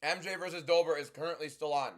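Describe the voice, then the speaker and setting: A young man hosting a livestream, talking loudly and chatting casually as he reads and answers viewer comments. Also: fairly high pitch, fairly even intonation, quick pace. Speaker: livestream host.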